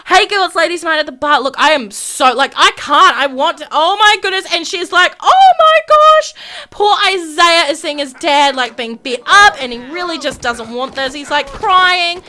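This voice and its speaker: A young woman hosts a gaming video, narrating a life-sim game in excited let's-play style. Her voice sits high and bright with a forceful tone, moving at a moderate pace with few pauses. She gasps dramatically, repeats herself a lot, and acts out the characters' quarrels.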